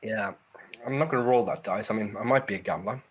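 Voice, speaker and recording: A man playing a tabletop game who jokes around and talks in halting, drawn-out phrases. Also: on the low side, slight background noise. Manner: joking, halting with drawn-out words. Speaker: player. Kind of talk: casual tabletop role-play.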